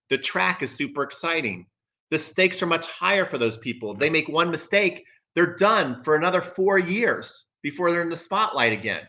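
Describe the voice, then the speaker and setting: A man's voice: on the high side, bright, forceful tone. A man hosting a casual live stream, giving emphatic opinions on tennis, repeating his points and answering viewer comments.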